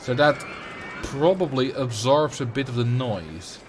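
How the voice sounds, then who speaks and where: A man's voice: mid-range voice, animated, unhurried, background noise. A man with a Dutch accent, chatting casually on a livestream while he builds in a game and answers viewers. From Netherlands. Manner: chatty, answers chat questions while playing. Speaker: streamer.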